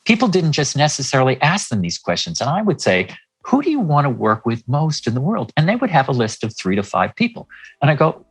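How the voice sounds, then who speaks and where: Man, 60s, life coach guest; lively raconteur who performs the dialogue, soft music bed. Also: medium pitch, fast talker, husky. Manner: animated, acts out dialogue in shifting voices. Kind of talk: storytelling interview talk.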